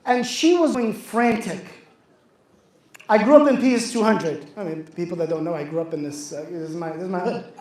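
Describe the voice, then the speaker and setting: A man's voice: high voice, a little fast, a little mellow. A man telling a religious story to young people, speaking with passion, repeating phrases and asking the audience questions. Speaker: youth speaker. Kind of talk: religious talk to a youth audience. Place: youth center hall. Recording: echoey hall.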